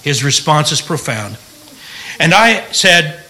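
A man's voice: on the high side, expressive, unhurried, long pauses, bright, forceful tone, low-quality recording. A middle-aged man, a pastor, teaching the Bible in a folksy, joking way and asking the room questions.

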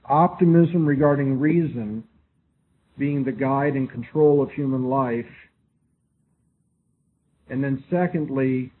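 A man's voice: on the high side, slightly rough. A man giving a classroom lecture who spells out names and repeats his key phrases. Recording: tinny lo-fi recording with faint hiss.

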